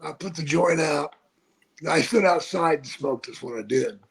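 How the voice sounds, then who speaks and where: An older man, a retired wrestler, telling profane stories in a casual podcast chat. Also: a little high. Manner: slow, gravelly, profane storytelling.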